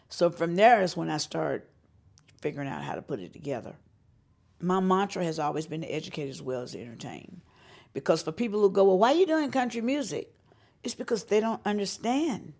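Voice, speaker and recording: Animated storyteller woman. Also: lowish voice, vocal fry. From North Carolina. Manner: animated storyteller who acts out quoted voices. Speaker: singer and showcase organizer. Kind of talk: storytelling interview.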